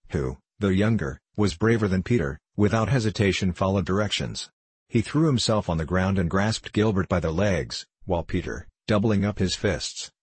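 A man narrating an audiobook in a steady, measured reading style. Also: sits low, slightly rough, no room sound. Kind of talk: scripted narration.

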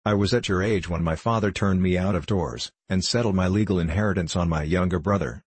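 A stern, proud old merchant father with a very low, husky voice, as a male reader puts him on. He speaks curtly, in a commanding tone. The recording is dry and close, from a storybook reading. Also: brisk, no echo. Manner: curt and commanding.

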